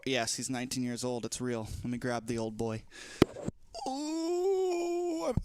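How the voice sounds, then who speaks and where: A young man, an esports shoutcaster, chatting loosely and playfully as he opens a casual livestream. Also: a little high, dry recording, studio quality.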